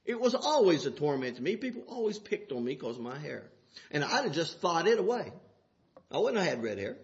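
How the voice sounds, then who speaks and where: An older man preaching a sermon in a folksy way, dropping to soft asides and rising to shouts. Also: on the high side, big pitch swings, a little fast, lo-fi sound.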